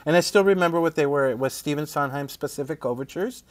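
A middle-aged playwright, a guest in a casual conversation, tells animated stories at a quick pace, laughing often and asking "right?". His voice sits on the high side, and the recording is dry.

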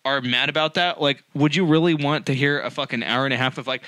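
A man's voice: medium pitch, quick pace, no echo. A man co-hosting a comedy podcast, joking loosely and breaking into silly voices. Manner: animated, jokey, slips into silly impressions. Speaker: podcast co-host. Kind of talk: casual comedy podcast banter.

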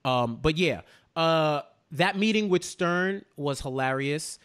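A man's voice: on the high side, takes it slowly, clear, resonant tone. A young adult man co-hosting a podcast, chatting casually and acting out scenes with many restarts. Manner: animated, restarts often, acts out scenes. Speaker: podcast co-host. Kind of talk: casual chat.

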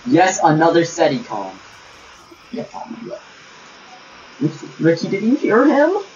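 Crude young gamer, slightly high voice. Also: male voice, huge pitch swings, measured pace, a little mellow. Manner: crude, joking, bickering with teammates. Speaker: gamer streaming with friends. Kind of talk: casual party chat over gameplay. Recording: distant, dull lo-fi mic with faint hiss.

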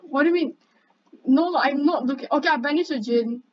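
High-voiced, excitable young woman gamer. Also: a little fast. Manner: excitable, chatty, bossy banter; swears casually. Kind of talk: gameplay commentary with a friend. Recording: dull lo-fi mic, faint background noise.

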